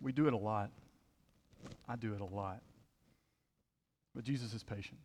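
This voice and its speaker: A man's voice: on the low side, moderate pace, a little mellow, big-room sound, a little hiss or hum. A man preaching a conversational sermon as pastor, full of rhetorical questions.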